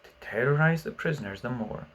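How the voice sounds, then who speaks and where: A man reads a children's classic aloud as an audiobook. His narration is expressive and mid-pitched, and it falls quiet between the acted lines. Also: normal speed. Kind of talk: audiobook reading.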